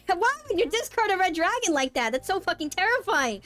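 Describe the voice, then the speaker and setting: Streaming a game, a woman talks in a sing-song, slightly bright voice at a moderate pace, barely pausing. She curses often and veers from low mutters to squeals of disbelief, while soft music sits behind her.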